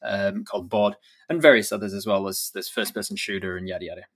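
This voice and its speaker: A man, a dungeon master, talking as an interview guest in a relaxed, explanatory way with occasional chuckles. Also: lowish voice, quick pace, no echo. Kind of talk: casual interview.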